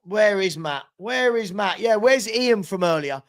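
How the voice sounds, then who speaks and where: An exasperated man with a fairly high voice hosts a live football watchalong. He calls each pass and groans at his own side's play between shout-outs to viewers. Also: expressive, unhurried. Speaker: watchalong host.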